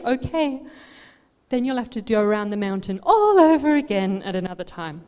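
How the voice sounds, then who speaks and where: A woman pastor preaching a sermon, swinging from quiet asides to loud, animated outbursts. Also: high-pitched, normal speed. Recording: long hall reverb.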